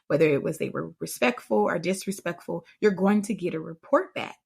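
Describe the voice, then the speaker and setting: A woman's voice: on the low side, a little fast, vocal fry, darkish tone, breathy edge. A woman hosting a parenting podcast, telling stories in a chatty way and talking straight to her listeners. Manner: chatty storytelling, addresses listeners directly. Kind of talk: casual advice chat.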